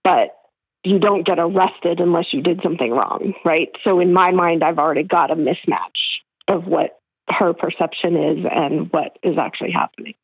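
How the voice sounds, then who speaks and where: A woman's voice: on the low side, moderate pace, husky, dry recording. Hesitant woman caller on a phone line. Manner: hesitant, many fillers, laughs easily. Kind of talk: call-in question. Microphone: telephone.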